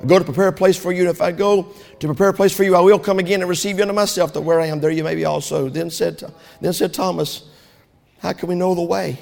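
A man preaching a fervent sermon in a church, swinging from loud to soft. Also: high-pitched, steady tone, fast talker, creaky. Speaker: pastor. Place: church sanctuary. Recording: long church reverb.

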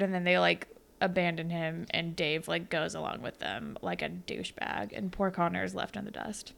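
A woman's voice: fairly low pitch, moderate pace, vocal fry. A young woman co-hosting a podcast, chatting casually and acting out characters' lines. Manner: animated, lots of "like" and quoting characters. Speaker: podcast co-host. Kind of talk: casual recap chat.

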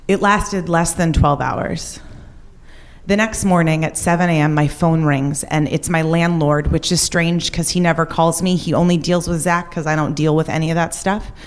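A woman's voice: sits low, steady tone, normal speed. A young woman telling a personal true story on stage, candid and wry. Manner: candid, shifts between wry and raw.

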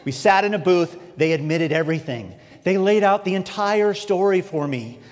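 A man delivers a sermon, slipping into an earnest, animated personal story. His voice sits somewhat high. It rings out with the long reverb of a large hall. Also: moderate pace. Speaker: preacher.

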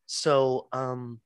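A man's voice: mid-range voice, clean tone, no room sound, studio quality. A man co-hosting a podcast, talking casually and animatedly, swearing and laughing often. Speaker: podcast co-host.

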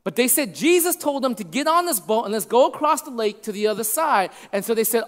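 High-voiced preacher in a reverberant hall. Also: male voice, sing-song, brisk, few pauses. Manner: conversational preaching with checks like "right?"; shifts from loud to hushed for emphasis. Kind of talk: sermon.

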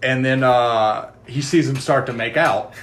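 A man's voice: mid-range voice, unhurried. A man co-hosting a podcast, casually recapping a TV episode and quoting the characters as he goes. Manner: chatty storyteller, quotes characters in lively asides. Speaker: podcast co-host.

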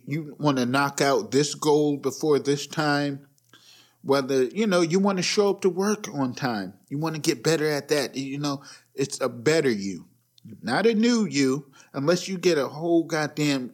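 A man in his thirties hosting a solo podcast, rambling bluntly with profanity and laughing at his own jokes. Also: on the high side. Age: 30s. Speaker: podcast host. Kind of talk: casual solo rant.

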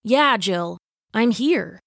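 A woman voicing a kind, gentle teenage boy friend in an audiobook, speaking with concern. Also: mid-range voice, expressive, very slow, gravelly, no room sound, clean studio sound, full character voice.

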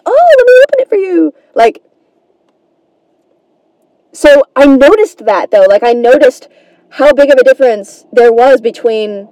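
A woman's voice: on the high side, warm tone, no echo, rough recording. A woman hosting a comedy podcast, telling a rambling, self-deprecating story in a casual monologue and swearing freely.

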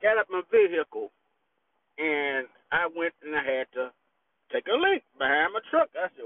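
A man's voice: a little high, sing-song, normal speed, no echo. A man, a bit tipsy, chatting in a laid-back, profane way from his parked vehicle. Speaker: vlogger. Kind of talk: casual rambling chat. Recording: tinny phone-like, dry.

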